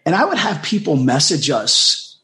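Middle-aged guy from the us, fairly high voice, heartfelt storytelling as a podcast guest, repeats himself a lot. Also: very animated, moderate pace, bright, forceful tone. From United States. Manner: heartfelt, repetitive, acts out quoted dialogue. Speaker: podcast guest, life coach. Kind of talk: earnest personal storytelling.

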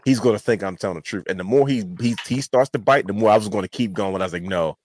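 A man's voice: lowish voice, fast talker, a little mellow, no room sound. A man hosting a wrestling podcast, telling a long rambling story in casual chat. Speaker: podcast host.

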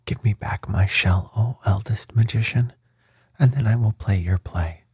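A small, proud male crab speaks in a hushed, half-whispered hum, as a man reading a storybook puts him on. The voice sits low and warm, very breathy, and close and dry. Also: measured pace, no room sound. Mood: pleading.

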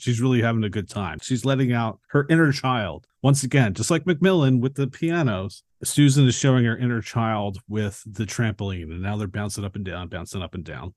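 A man's voice: mid-range voice, dry recording. Man casually recapping a movie, dry sound. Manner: animated retelling, acting out characters' lines. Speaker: podcast co-host.

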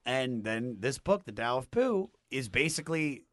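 A man telling a personal story in a casual chat, rambling and animated, with many restarts. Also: medium pitch, moderate pace, dry recording, clean studio sound. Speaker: podcast guest.

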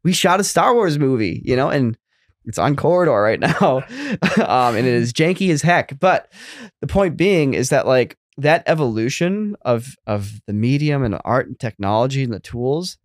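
A man's voice: medium pitch, animated, normal speed, dry recording, studio quality. A man in his thirties co-hosting a casual podcast chat, rambling with lots of fillers and restarts. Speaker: podcast co-host.

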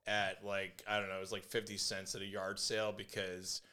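A middle-aged man co-hosting a podcast, telling family stories in an animated, playful, self-mocking way. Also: low voice, brisk, smooth. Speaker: podcast co-host. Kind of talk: casual chat.

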